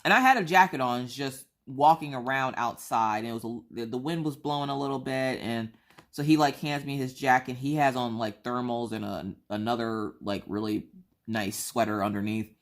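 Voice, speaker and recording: A woman vlogger telling a story in a chatty, slangy way, acting out the voices she quotes. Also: normal speed. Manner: animated, acts out quoted voices with big pitch jumps; casual slangy talk, addresses viewers as y'all.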